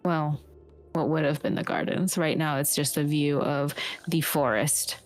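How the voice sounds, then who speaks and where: A woman's voice: deep voice, steady tone, a little slow, soft background music. A woman narrating a tabletop game as game master, rambling and hesitant with many fillers.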